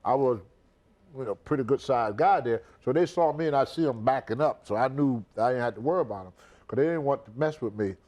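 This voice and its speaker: An older man, a retired pro wrestler, telling an animated story in an interview and acting out the voices of the people in it. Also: mid-range voice, fairly quick. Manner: animated, acts out everyone's voices.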